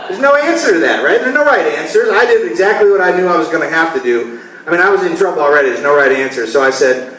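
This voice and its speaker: Talking fast and animatedly in a high-pitched voice, a comedian in his forties delivers a loose, chatty set on a comedy club stage and cracks himself up. Audience laughter and background noise fill the echoey live recording, captured from far off.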